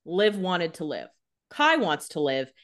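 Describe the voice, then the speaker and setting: Woman co-host, a touch low in pitch, blunt and opinionated in casual recap chat. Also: sing-song, a little slow, fairly bright tone. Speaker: podcast co-host.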